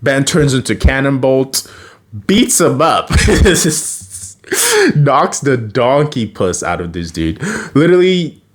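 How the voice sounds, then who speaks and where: A man's voice: mid-range voice, huge pitch swings, slow pace. A man giving a casual episode review, joking, laughing often and acting out quotes, with many fillers and self-corrections.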